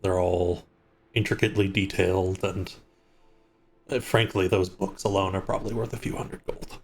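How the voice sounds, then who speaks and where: A man narrating as game master of a tabletop game, in a relaxed, easygoing way. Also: deep voice, normal speed, slight background noise.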